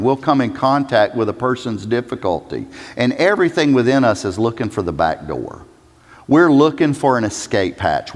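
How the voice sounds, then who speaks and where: A male pastor preaching with a lively, wide-ranging pitch, dropping to a hush and then rising to near shouts. His voice rings out with a long reverb, as in a church sanctuary. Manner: dramatic, swings from loud to hushed. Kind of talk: sermon.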